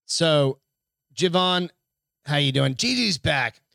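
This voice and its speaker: A man's voice: on the high side, animated, slow, creaky, sharp tone, no room sound, clean studio sound. A man co-hosting a casual podcast, joking loosely with heavy swearing and reading news stories aloud. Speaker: podcast co-host.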